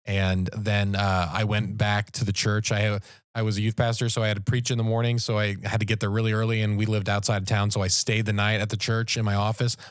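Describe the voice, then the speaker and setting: A man, a podcast co-host, telling a story in casual, animated talk and raising his voice at the tense moments. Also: fairly low pitch, a little fast, smooth, no room sound, clean studio sound. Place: podcast studio.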